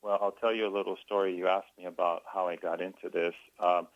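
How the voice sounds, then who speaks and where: A man's voice: deep voice, little pitch movement, fast talker, no echo, dull audio. A man, a guest author on a radio show, talking earnestly and thoughtfully, often restarting his phrases. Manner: earnest, reflective, with many restarts. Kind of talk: radio interview.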